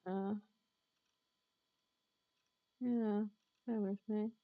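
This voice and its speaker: A woman VTuber reading a visual novel aloud on stream, chatty and quick to laugh. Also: medium pitch, steady tone, dry recording, phone-quality sound. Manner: chatty, reads game text aloud, laughs often. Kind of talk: live-streamed visual novel read-along.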